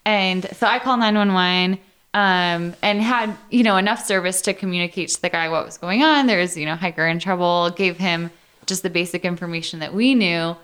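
Clear-voiced woman co-host telling a story. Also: fairly low pitch, fairly quick. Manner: laughs often, relaxed storytelling. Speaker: podcast co-host. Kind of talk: casual storytelling chat.

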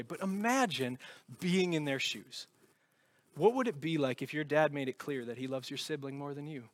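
A pastor preaching a sermon with earnest conviction, moving from loud emphasis to hushed, intense passages. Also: male voice, fairly high pitch, no room sound.

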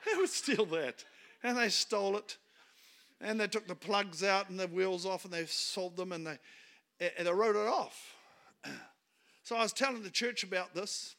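A middle-aged man with a New Zealand accent preaches as a guest speaker. His voice sits high and sounds bright and forceful. He keeps the tone light and joking and laughs at his own punchlines. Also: moderate pace, long pauses. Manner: humorous, animated, laughs at his own jokes. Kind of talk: storytelling sermon.

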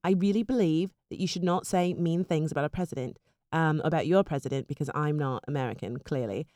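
A woman's voice: low voice, a little fast, mellow, no room sound, clean studio sound, close to an everyday voice. A woman putting on a pompous British accent to play a political man, in a jokey podcast bit. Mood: mock-earnest. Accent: mock British.

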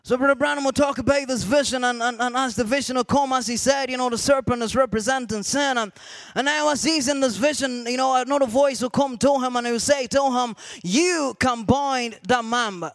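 A man preaching a sermon to a congregation, repeating "amen" often and rising to shouted emphasis. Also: very high voice, fairly even intonation, fast, no echo.

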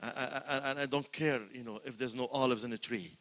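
An older man preaching a sermon in a church, swinging between loud exclamations and quiet asides, repeating words for emphasis. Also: mid-range voice, fairly even intonation, a little fast, in a large hall.

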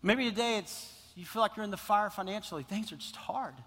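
A man's voice: high voice, a little fast, fairly bright tone, in a large hall. A male pastor preaching a sermon in a church, impassioned and repeating phrases for emphasis. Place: church sanctuary.

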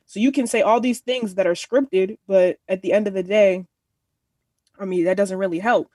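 A woman's voice: medium pitch, steady tone, moderate pace, mellow, no room sound, clean studio sound. Earnest young woman, slightly distant mic. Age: 20s. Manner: earnest, rambling with many restarts and quoted asides. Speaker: panelist. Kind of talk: casual discussion.

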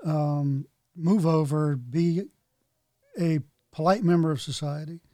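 A man's voice: on the high side, steady tone, slow pace, warm tone, no room sound, studio quality. A man in casual chat, making joking, sarcastic asides.

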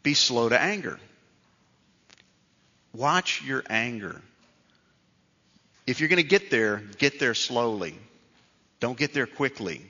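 A man's voice: mid-range voice, expressive, slow, pauses often, bright, forceful tone. A middle-aged man preaching a sermon in a conversational, self-deprecating storytelling way. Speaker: pastor. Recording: dull reverberant hall sound.

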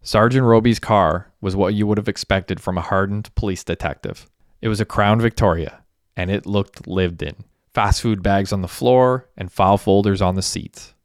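A male audiobook narrator reads scripted narration in a low, smooth voice at a moderate pace. The recording is clean studio sound with no room echo.

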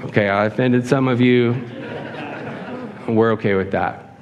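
A man preaching a sermon to a congregation, acting out whiny voices with a raised pitch. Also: normal speed. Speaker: pastor. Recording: long hall reverb.

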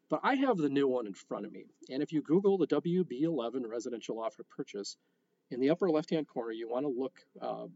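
A man's voice: medium pitch, a little mellow, lo-fi sound. A man hosting a real estate podcast, talking frankly and conversationally, with frequent fillers and restarts. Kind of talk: podcast monologue.

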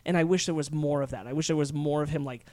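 A man discussing a film casually, his voice sitting a little higher than most. He speaks thoughtfully, pausing and restarting as he works out what he means. The recording is dry and close. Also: fairly even intonation, darkish tone, no echo. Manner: thoughtful, hesitant, many restarts and fillers.

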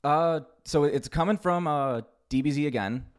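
A man's voice: on the high side, normal speed, clear, resonant tone. A man in a casual podcast chat, starting hesitantly and repeating words as he tells a story. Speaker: podcast guest.

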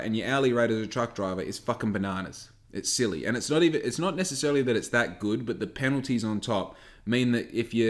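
A man, rambling and swearing through a casual podcast monologue. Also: fairly low pitch. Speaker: podcast host.

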